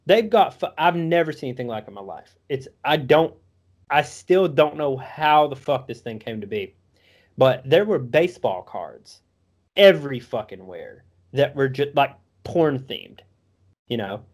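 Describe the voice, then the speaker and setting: A man's voice: mid-range voice, expressive, a little slow. A young man telling a rambling, profanity-laden story in a casual drawl.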